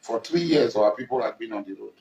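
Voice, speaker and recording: A man's voice: mid-range voice, expressive, fairly quick, a little mellow. Accusing Nigerian man, echoey room. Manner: accusing, emphatic, repeats lines for force. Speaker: traditional ruler and political figure. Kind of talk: confrontational public address.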